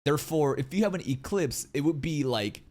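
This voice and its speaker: A woman streaming her reaction to an anime episode, excitable and swearing freely as she comments. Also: sits low, brisk.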